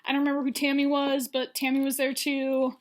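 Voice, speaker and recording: Woman, comedic recap, rambling, sarcastic, lots of fillers, high voice. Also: completely flat delivery, brisk, slight background noise. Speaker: vlogger recapping a dating show.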